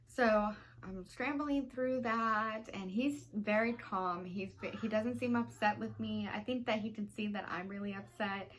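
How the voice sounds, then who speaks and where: A woman's voice: medium pitch, steady tone, normal speed, hardly any pauses. A young woman vlogger telling a personal story in a rambling, emotional way, full of "you know" fillers. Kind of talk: storytime vlog.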